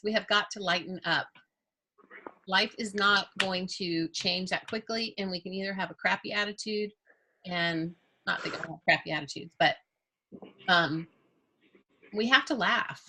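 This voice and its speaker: A woman's voice: mid-range voice, normal speed, noisy background. A woman teaching an art class in a casual, chatty way, candid and joking, with playful asides.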